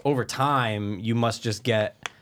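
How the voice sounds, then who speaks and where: A young man co-hosting a casual podcast, telling stories in a rambling, animated way with lots of swearing and restarts. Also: medium pitch, takes it slowly. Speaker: podcast co-host.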